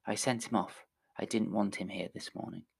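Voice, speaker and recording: A man narrating a science-fiction story aloud, with a soft, intimate delivery that drops to a whisper at times. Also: fairly low pitch, fairly even intonation, moderate pace, gravelly, husky.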